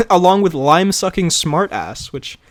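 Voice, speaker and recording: A man co-hosting a podcast in casual chat, animated and laughing often as he talks. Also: high voice, unhurried. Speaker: podcast co-host.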